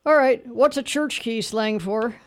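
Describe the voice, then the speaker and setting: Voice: medium pitch, unhurried. A radio talk show host running a call-in trivia quiz, chatty, chuckling and full of fillers. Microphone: studio microphone.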